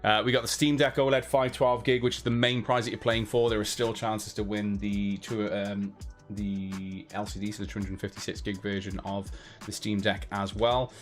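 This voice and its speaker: A man's voice: fairly low pitch, flat delivery, normal speed, soft background music. A man hosting a giveaway livestream, chatting casually to his viewers in a loose, rambling way full of fillers and restarts.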